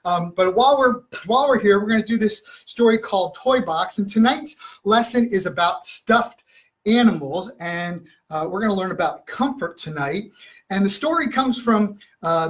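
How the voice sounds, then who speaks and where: A man's voice: high-pitched, expressive. A man leading a children's church session in an upbeat, casual way, a little out of breath, with lots of fillers. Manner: upbeat, filler-heavy, quick.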